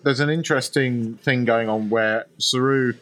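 A man's voice: medium pitch, steady tone, moderate pace, fairly bright tone. Thoughtful man in casual chat. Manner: thoughtful, repeats words, casual swearing.

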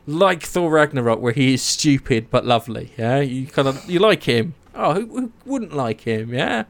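A young man casually retelling myths, animated, swearing and acting out the characters' lines. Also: medium pitch, normal speed, creaky. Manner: animated storytelling, swears, acts out quotes. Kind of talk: casual chat.

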